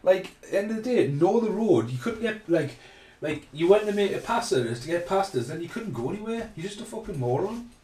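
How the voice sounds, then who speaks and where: A man's voice: sits high, expressive, brisk, mellow. Sweary rambling man, roomy echo. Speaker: film commentary podcast host. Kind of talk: casual film commentary.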